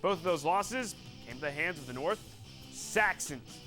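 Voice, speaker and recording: A man hosting a local sports news show, reading scripted highlights with playful jokes. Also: animated, normal speed, sharp tone. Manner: playful, sings snippets and does bits. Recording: music bed underneath.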